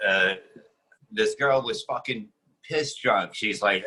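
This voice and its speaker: A man's voice: fairly low pitch, slow, bright, forceful tone, rough recording. A man, a comedian guest, telling crude, rambling stories in casual podcast banter. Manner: crude, rambling storytelling with many restarts.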